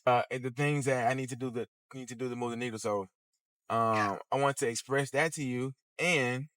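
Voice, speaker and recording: A man as a business coach in a casual session, thinking aloud with fillers and pauses, a bit sleepy. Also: medium pitch, fairly bright tone, clear, resonant tone, dry recording.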